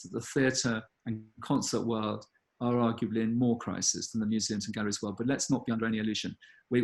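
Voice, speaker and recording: Man of middle pitch, earnest director taking audience questions, hesitant thoughtful delivery. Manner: earnest appeal, thoughtful with frequent ums. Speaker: gallery director. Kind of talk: live online Q&A talk.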